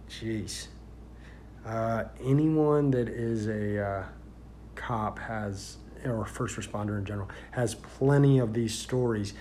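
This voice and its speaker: A man's voice: mid-range voice, slight background noise. Rambling man telling a cop story. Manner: rambling with many fillers, grows loud and animated in retelling. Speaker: sheriff's deputy. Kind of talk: casual storytelling.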